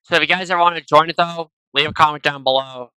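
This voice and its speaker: A man's voice: fairly high pitch, steady tone, fast, bright, forceful tone, smooth, no room sound, poor audio. A man giving casual, rambling gameplay commentary into a headset, tacking "though" and "and stuff" onto nearly every phrase. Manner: chatty, rambling asides to viewers. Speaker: gaming video creator. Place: at home, recording at a PC. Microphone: gaming headset.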